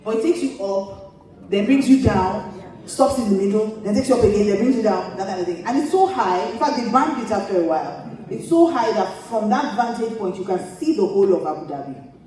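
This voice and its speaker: A woman pastor telling a funny story to a church audience, animated and laughing often as she talks. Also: mid-range voice, fairly quick. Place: church auditorium. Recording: echoey church hall, distant mic.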